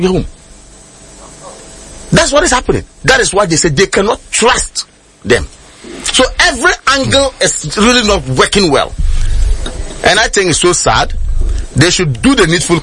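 Animated high-voiced Ghanaian man. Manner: emphatic, switching between Twi and English. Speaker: political commentator. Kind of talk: radio panel discussion.

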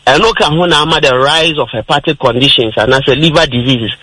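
A man's voice: a little high, a little fast, bright, forceful tone, no echo, poor audio. A Ghanaian man presenting a radio health talk, explaining step by step and mixing in English terms. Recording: radio broadcast.

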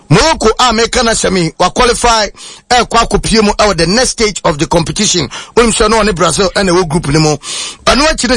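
A man presenting a radio sports segment in a steady, informative way. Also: sits high, slightly rough, no echo, studio quality.

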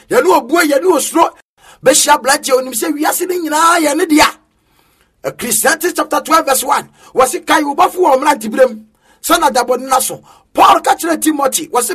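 A man with a Ghanaian accent preaching a sermon in an emphatic, half-sung style that rises to shouts. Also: very high voice, brisk.

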